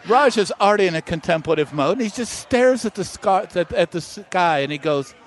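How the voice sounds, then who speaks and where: A middle-aged man with a slightly high voice, spinning an animated story in a relaxed interview. He slips into the voices of the people he quotes. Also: brisk, slight background noise. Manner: animated anecdote-teller who acts out quoted voices. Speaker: master distiller guest.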